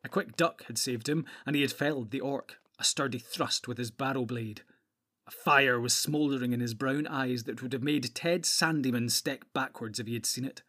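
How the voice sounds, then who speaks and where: Man reading a fantasy audiobook, husky breathy voice, mid pitch, steady measured delivery. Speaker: narrator. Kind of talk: scripted fantasy audiobook narration.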